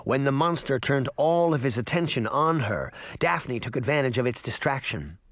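A man narrating a storybook aloud with an expressive reading. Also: medium pitch, normal speed, no room sound, studio quality. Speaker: audiobook narrator.

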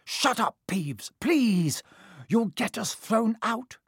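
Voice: medium pitch, expressive, slow, breathy edge, no room sound, studio quality, pitched above the performer's own voice, exaggerated voice. A narrator voicing a frightened young schoolboy who speaks urgently and pleads, in an audiobook reading. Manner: urgent, panting.

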